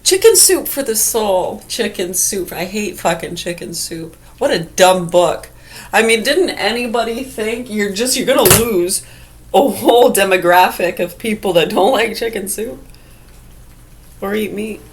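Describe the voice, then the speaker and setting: A woman's voice: medium pitch, animated, unhurried. A woman rambling in a casual vlog monologue, crude and profane, laughing often, with a slight whistle through gaps in her teeth. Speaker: vlogger.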